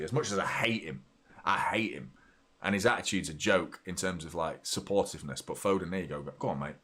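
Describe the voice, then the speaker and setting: A man in his thirties from the UK, hosting a live football watchalong in a slightly low voice. He talks bluntly and swears freely, jumping up in excitement when a chance comes. Between chances he chats plainly to his viewers. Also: husky. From United Kingdom. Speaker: host of a fan watchalong. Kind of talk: live match reaction and chat.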